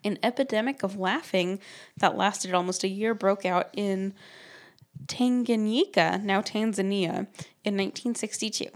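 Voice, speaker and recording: A woman co-hosting a casual podcast, reading out a list of fun facts in a deadpan way. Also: medium pitch, unhurried. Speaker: podcast co-host.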